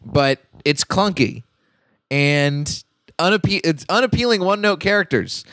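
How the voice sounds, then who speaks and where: A man's voice: fairly high pitch, animated, unhurried, fairly bright tone, no room sound. A man hosting a film podcast, chatting casually with dry jokes. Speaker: podcast host.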